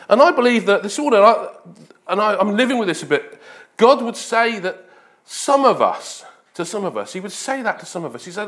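A man's voice: sits high, big pitch swings, brisk, a bit bright. A man preaching a conversational sermon after an opening prayer, informal and repeating himself often. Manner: informal, repeats "Lord" and "just", restarts.

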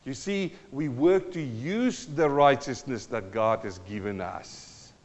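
A man preaching a sermon, emphatic with big swings in loudness and pitch and wry, teasing asides. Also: animated, slow, hardly any pauses. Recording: long hall reverb, dull lo-fi sound.

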